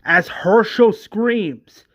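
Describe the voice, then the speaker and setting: A man narrating a story at a very slow, deliberate pace, stopping and restarting his phrases. His voice sits a little high for a man. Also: highs cut off. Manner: halting, repeats words while narrating. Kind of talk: retelling a fan series scene by scene.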